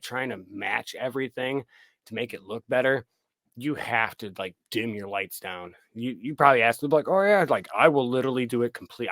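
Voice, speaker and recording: A man's voice: mid-range voice, fairly bright tone, no echo. A man, a film director guest, chatting casually on a podcast, swearing freely and acting out his own reactions.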